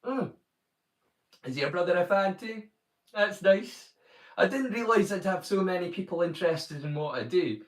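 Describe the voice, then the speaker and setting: A chatty man with a Northeast Scottish accent, hosting a livestream and talking to viewers in a fairly high voice. He sounds set back from the mic in an echoey room, with music playing underneath. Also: lively intonation, moderate pace. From Northeast Scotland. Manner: chatty, thanks viewers by name. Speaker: livestream host. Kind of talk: casual chat with live viewers. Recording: roomy sound from a distance, music behind.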